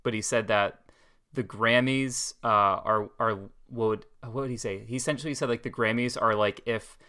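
A man's voice: mid-range voice, steady tone, normal speed, sharp tone, clean tone. A man co-hosting a casual podcast, rambling through stories with frequent laughs. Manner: rambling, laughs often, many fillers. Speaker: podcast co-host.

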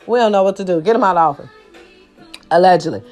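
A woman ranting to camera, blunt and profane, firing rhetorical questions and swinging between shouting and low muttered asides. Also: fast talker, faint music behind. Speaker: social media commentator. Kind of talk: impassioned rant to camera.

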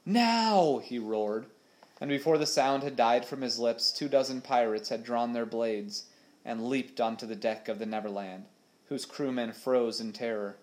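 A man reading a children's adventure novel aloud with steady, expressive storytelling. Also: medium pitch, normal speed. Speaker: audiobook narrator. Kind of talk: storybook narration.

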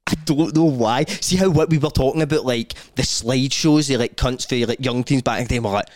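A man's voice: mid-range voice, a little fast, a little mellow, no echo. Swearing Scottish young man, dry close mic. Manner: swearing, jokey, mimics voices in anecdotes. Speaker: podcast co-host. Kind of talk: casual chat.

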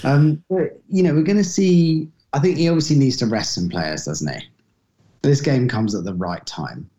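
Over a laptop video call with dull, lo-fi audio, another young adult man co-hosts the casual podcast chat. His mid-range voice is animated and warm at a normal speed, though he hesitates, restarts, uses many fillers and puts himself down.

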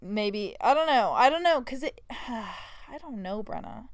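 A woman's voice: sits high, expressive, a little slow, no room sound. A young woman co-hosting a casual podcast, hesitant and self-conscious, laughing often. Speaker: podcast co-host. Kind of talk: casual chat.

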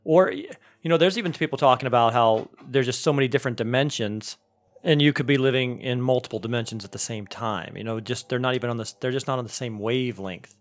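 A man's voice: medium pitch, fast talker. Rambling middle-aged man on a podcast. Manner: rambling, restarts often. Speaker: podcast co-host. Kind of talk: casual podcast chat.

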